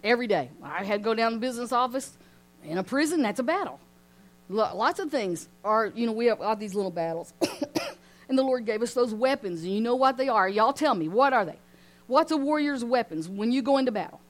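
A woman teaching an informal Bible study in a lively way, often laughing and asking her listeners questions. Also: fairly high pitch, brisk. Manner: animated, asks the group questions, laughs often.

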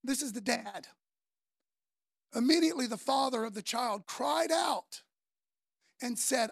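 A man's voice: extremely high pitch, animated, measured pace, creaky, long pauses, no room sound, studio quality. A man preaching a sermon in a casual, earnest way, using slang fillers as he talks. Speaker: pastor.

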